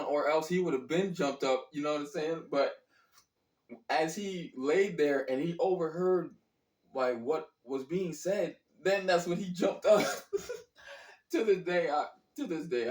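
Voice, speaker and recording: In an echoey room, far from the mic, a man with a fairly high, slightly mellow voice casually recounts a college basketball trip. He uses lots of slang and profanity and acts out his own reactions along the way.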